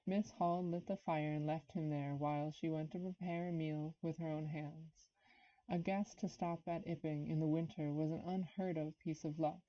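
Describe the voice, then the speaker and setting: A woman's voice: deep voice, dark tone. A woman reading a classic novel aloud on a live stream, a bit nervous, stopping now and then to chat with viewers. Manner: nervous, stops to comment and greet chat viewers. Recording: dull lo-fi stream audio.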